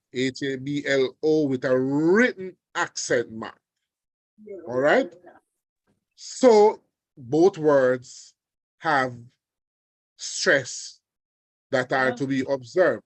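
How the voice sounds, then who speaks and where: A man teaching an online exam revision lesson, deliberate and often checking in with his students. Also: on the high side, dry recording. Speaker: language teacher. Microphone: video call.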